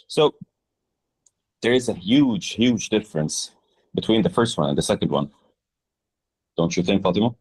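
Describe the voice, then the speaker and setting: A man co-hosting an English lesson in a live online session, lively and casual, asking the audience questions. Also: on the low side, moderate pace, pauses often, slightly rough. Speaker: English teacher.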